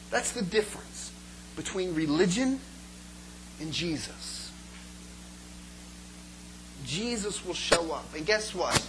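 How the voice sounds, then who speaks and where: A pastor preaching a passionate sermon to his church, moving between quiet, chatty asides and loud, pleading calls. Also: sits high, lively intonation, takes it slowly, pauses often, noisy background.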